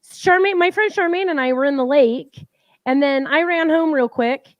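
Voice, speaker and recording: A woman co-hosting a casual live-stream chat from home, chatty and teasing and quick to laugh. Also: sits high, no echo, dull audio. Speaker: co-host.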